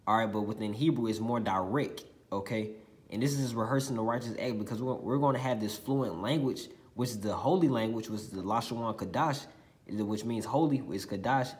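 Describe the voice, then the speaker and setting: A man's voice: medium pitch, darkish tone. A man giving an informal Bible lesson who keeps checking in with "okay?" and "all right?" and often restarts his sentences. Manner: halting, with repeated restarts. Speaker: scripture teacher.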